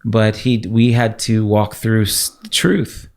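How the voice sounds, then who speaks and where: Male guest, low gravelly voice, emotional testimony style, laughs and acts out quotes. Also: level tone, slow pace, a little mellow. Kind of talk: personal testimony.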